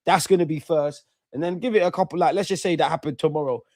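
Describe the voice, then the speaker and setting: A young English man in his twenties riffs on a live stream, full of slang and repeated phrases. His voice sits a bit high for a man. It sounds dry and close on the mic. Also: fast talker, a little mellow, no room sound. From England. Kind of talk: casual live-stream chat reading viewer comments.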